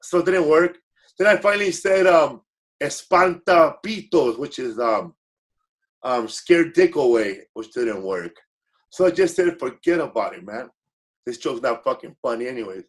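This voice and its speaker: A man's voice: medium pitch, normal speed. A man from the United States, a guest comedian telling stories in casual podcast chat and acting out the people he quotes. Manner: storytelling with quoted voices, relaxed swearing.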